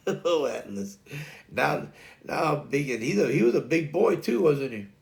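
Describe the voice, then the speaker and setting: A man's voice: on the high side, big pitch swings, normal speed, vocal fry. A man hosting a casual livestream chat, rambling and restarting his sentences often. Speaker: livestream host.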